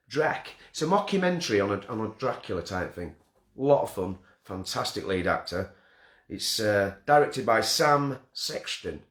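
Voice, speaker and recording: A man's voice: medium pitch, fairly bright tone. Guy hosting a stream from his front room, jokey and rambly, bit of room echo. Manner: jokey, self-deprecating, rambling. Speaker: festival host announcing winners. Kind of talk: casual live-stream hosting.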